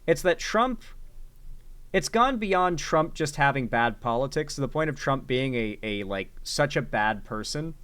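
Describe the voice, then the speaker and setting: A man's voice: medium pitch, animated, unhurried, a bit bright, smooth. A man hosting a reaction commentary show, talking casually and sarcastically with lots of fillers and restarts. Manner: sarcastic, rambling, with filler words. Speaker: commentary host.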